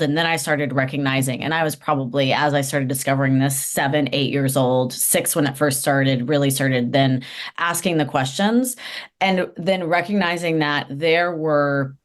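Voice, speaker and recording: Low-voiced woman, reflective interview guest. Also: moderate pace. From United States. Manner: reflective, earnest, with frequent restarts. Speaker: interview guest, nonprofit CEO. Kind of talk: conversational interview.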